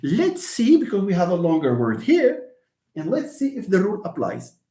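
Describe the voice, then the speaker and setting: A man's voice: sits high, huge pitch swings, moderate pace, warm tone. A man teaching English word stress in a live online lesson, explaining patiently and repeating example words. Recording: echoey room.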